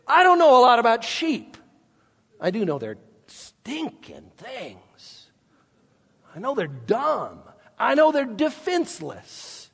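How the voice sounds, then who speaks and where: A man's voice: extremely high pitch, wildly swooping pitch, slow, gravelly, fairly bright tone, big-room sound. A man preaching a sermon as pastor, emphatic and given to repeating words as he restarts.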